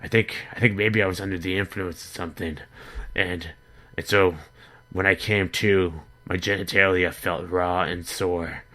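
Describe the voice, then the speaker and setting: Male comic vlogger, deep, deadpan and rambling, with a crisp forceful edge. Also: moderate pace. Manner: rambling, deadpan, stammering restarts. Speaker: comedy vlogger in character.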